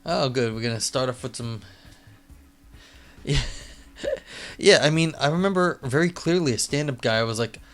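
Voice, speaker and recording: A man's voice: medium pitch, normal speed, long pauses, fairly bright tone. A man streaming live, chatting casually and rambling with lots of fillers and restarts. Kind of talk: casual live-stream chat and reading aloud. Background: faint music.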